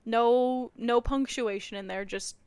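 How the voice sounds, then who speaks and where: A woman with a Midwestern American accent, co-hosting a podcast in easygoing casual chat. Her voice sits a little high, and she laughs easily. The recording is dry and close. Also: steady tone, unhurried, darkish tone, clear, resonant tone, dry recording. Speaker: podcast co-host.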